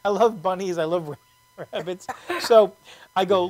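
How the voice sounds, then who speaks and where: A woman host, telling animated, excitable stories in casual comedic chat. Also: medium pitch, normal speed, no room sound, rough recording. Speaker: show host.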